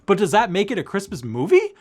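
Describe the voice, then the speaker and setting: Male cross-stitch vlogger, excitable, stammery, slightly high lively voice. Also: quick pace. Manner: excitable, stammering, repeats himself. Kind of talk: excited casual monologue to camera.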